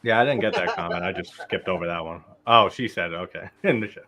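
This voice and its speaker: Man, low voice, relaxed live-stream host, giggly, casual cursing. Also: fast talker, a crowd in the background. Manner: laughs often, swears casually. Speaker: watch party host.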